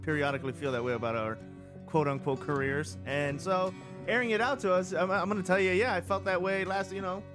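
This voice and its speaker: A man's voice: high voice, a little fast, music in the background. A man co-hosting a comedy podcast, cracking jokes and egging the others on. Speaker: podcast co-host. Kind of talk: casual podcast banter.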